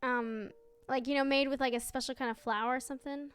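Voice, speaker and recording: A young woman streamer chatting casually with her viewers, telling a story in an animated way with lots of laughing and fillers. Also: sits high, fairly quick, clean tone. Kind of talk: casual live-stream chat.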